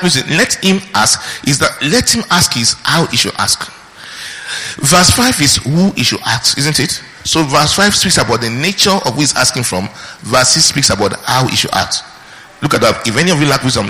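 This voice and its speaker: Man, preacher, sermon, bright tense tone, quizzes the congregation. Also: mid-range voice, long reverb tail, rough recording. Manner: teaching with questions to the congregation, pausing on key words.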